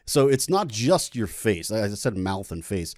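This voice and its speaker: A man's voice: on the low side, sing-song, normal speed, a little mellow, no room sound, clean studio sound. A man who is a music teacher, casually reacting to a song and enthusiastically explaining vocal technique, with apologetic asides to his viewers.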